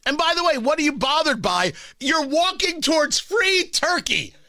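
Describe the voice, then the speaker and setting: A middle-aged man from the New York and New Jersey area, a radio host telling a self-mocking story in an animated way. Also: very high-pitched, normal speed, gravelly, dry recording, clean studio sound. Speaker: radio talk show host. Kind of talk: radio monologue.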